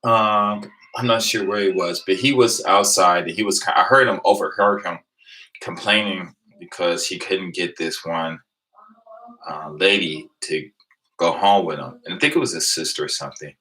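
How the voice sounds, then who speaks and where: A man, casually telling a rambling, animated story to his live viewers and laughing along the way. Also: low voice, normal speed, poor audio. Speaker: vlogger on a live stream.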